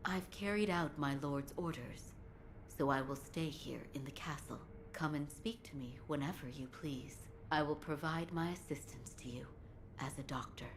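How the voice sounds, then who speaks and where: A woman's voice: low voice, normal speed, a little hiss or hum, rough recording. An actress playing a composed, courteous female castle doctor who speaks formally and politely. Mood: gentle.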